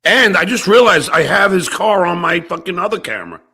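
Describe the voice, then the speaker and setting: A man's voice: high voice, expressive, a little fast, gravelly, pushed and bright, breathy edge. A man on a live stream talking through an incident, thinking aloud with hesitant, profane asides. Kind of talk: casual crude banter.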